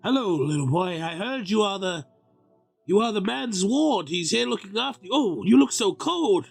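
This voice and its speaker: A man's voice: sits high, sing-song, moderate pace, gravelly, breathy edge, faint music behind, heavily acted. A man doing a fussy, doting orchard keeper. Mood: fretful. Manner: doting, fretful, easily scandalized.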